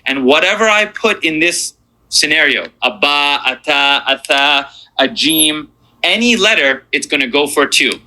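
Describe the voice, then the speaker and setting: A man teaching a beginners' Quran reading lesson, encouraging and drilling each letter sound slowly. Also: fairly high pitch, animated, bright, forceful tone, rough recording.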